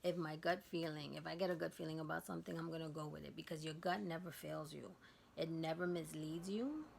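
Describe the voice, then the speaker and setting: A woman vlogger with a lowish, gravelly voice tells a personal story in a candid, casual way. She is emphatic and lowers to a hush at the tense parts. A faint hiss sits under the voice. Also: fairly even intonation, a little fast.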